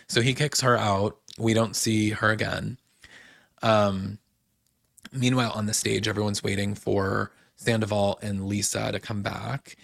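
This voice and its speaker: Chatty low-voiced man with gravelly fry. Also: little pitch movement, unhurried, a bit bright, dry recording, studio quality. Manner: chatty, opinionated, heavy on "like" and quoted dialogue. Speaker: podcast host recapping a reality show. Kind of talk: casual recap monologue.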